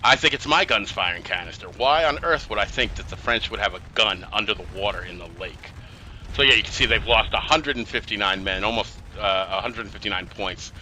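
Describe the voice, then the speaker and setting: A man's voice: fairly low pitch, fairly quick, sharp tone, a little hiss or hum, rough recording. A man giving casual, chatty commentary on a strategy game he is playing, with exasperated, sarcastic asides. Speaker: gameplay commentator.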